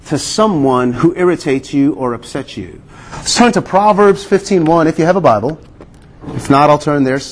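High-voiced man preaching a sermon. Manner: earnest, calls out to listeners with questions. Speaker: pastor.

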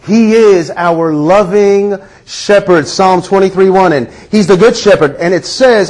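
A man preaches to a congregation with a notably high voice. He draws out scripture phrases slowly and builds to emphatic calls for agreement. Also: darkish tone. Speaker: pastor. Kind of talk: sermon.

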